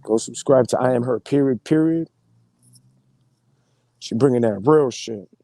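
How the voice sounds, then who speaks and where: A man live streaming in relaxed, slangy casual chat, greeting his viewers as he talks. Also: mid-range voice, measured pace, creaky, no echo.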